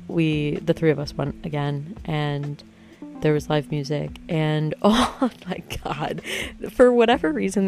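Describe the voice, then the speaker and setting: A woman's voice: sits low, darkish tone. A young woman in her twenties telling a casual story about a night out, chatty and self-mocking, full of "like" and "um". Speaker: vlogger.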